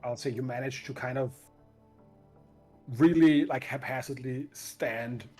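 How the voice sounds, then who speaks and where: A man's voice: mid-range voice, measured pace, darkish tone, faint music behind. A man running a tabletop game as game master, narrating with frequent hesitations and restarts. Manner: hesitant, many fillers and restarts.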